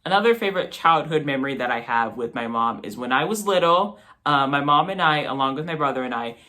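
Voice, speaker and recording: An eighteen-year-old man hosting a vlog, telling casual, animated stories about his mother to the camera. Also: quick pace. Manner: animated, mimics his mother with jumps in pitch. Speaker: vlog host.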